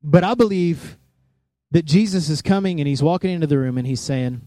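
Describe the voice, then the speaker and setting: A man preaching a sermon in a church, animated, acting out voices and sounds as he tells the story. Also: on the high side, fairly quick, no room sound. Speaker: pastor.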